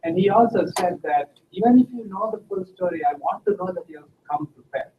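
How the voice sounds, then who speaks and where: Man, fairly high voice, telling an anecdote in class, tinny lo-fi, far off. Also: expressive, fairly quick. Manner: hesitant, anecdotal. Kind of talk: classroom discussion. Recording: phone-like sound from afar with faint noise.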